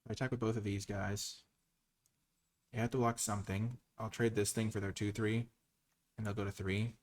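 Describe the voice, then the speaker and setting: A man commentating his own card game, switching between quiet muttered analysis and loud, mock-grandiose cheering. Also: lowish voice, level tone, normal speed. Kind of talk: gameplay commentary.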